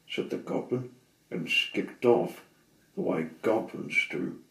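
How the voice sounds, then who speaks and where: A man reading a children's story aloud with dramatic pauses and expressive delivery. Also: deep voice, vocal fry. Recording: roomy, slightly distant mic.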